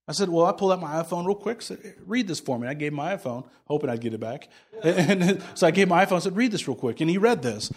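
A pastor with a high-pitched, expressive voice and a slightly breathy edge preaches at a moderate pace. His sermon is conversational, full of stories in which he acts out both sides of the dialogue.

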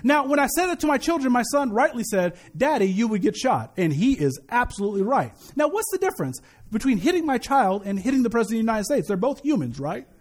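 A middle-aged man pastor preaching a sermon, an animated, joking storyteller who repeats his key points. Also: very high voice, fast.

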